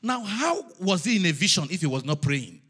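A man with a foreign accent preaching a sermon in a sing-song cadence, repeating phrases and rising to shouted peaks. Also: high-pitched, very animated, fairly quick, slightly rough. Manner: foreign accent of his own.

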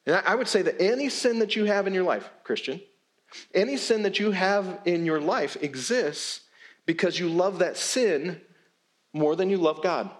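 A man's voice: high voice, lively intonation, moderate pace. A male pastor preaching a sermon in a church, with a conversational, emphatic delivery and frequent repeated words. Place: church sanctuary.

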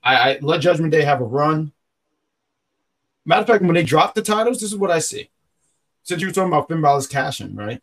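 A man's voice: fairly high pitch, expressive, a little fast, long pauses, a bit bright. A man hosting a podcast in casual, rambling chat, often stopping to correct himself. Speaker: podcast host.

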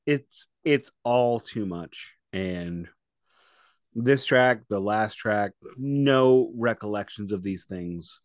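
An American man co-hosting a casual podcast, telling stories in an animated, exasperated way. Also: lowish voice, slow pace, dry recording, clean studio sound. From United States. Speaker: podcast co-host. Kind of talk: casual chat.

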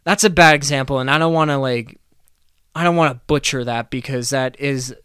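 A man's voice: mid-range voice, a little fast, a bit bright, clear, resonant tone, dry recording. A young man hosting a casual, rambling rant full of swearing, talking animatedly into a close mic. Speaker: host.

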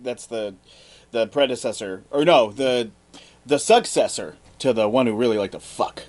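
A man's voice: medium pitch, normal speed, darkish tone. A young man co-hosting a casual history podcast, joking and swearing in his asides. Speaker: podcast co-host. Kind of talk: casual comedic history chat.

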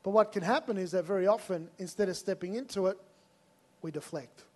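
High-voiced Australian man preaching. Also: a little fast, darkish tone. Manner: conversational anecdotes, acting out both sides of dialogue. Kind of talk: sermon storytelling.

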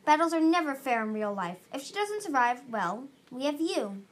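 A woman voicing a stern, harsh male dragon who trains young dragons in battle, with a gruff, commanding delivery. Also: high voice, very animated, moderate pace.

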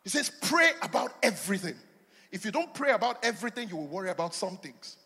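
High, husky man preaching. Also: quick pace. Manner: animated preaching, swinging from shouts to low asides. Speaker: pastor. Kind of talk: sermon. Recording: long hall reverb.

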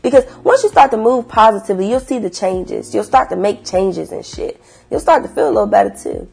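A young woman talking earnestly to her viewers about faith and getting through hard times, repeating herself and swinging from hushed to loud. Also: mid-range voice, very animated, a little fast, creaky, slightly rough. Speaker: vlogger. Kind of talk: emotional faith-filled vlog monologue.

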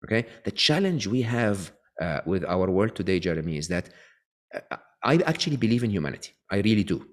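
With a low, sing-song voice and a fairly quick delivery, a man answers interview questions as an author. He restarts his sentences a lot and keeps tagging on "okay?" as he explains his thinking.

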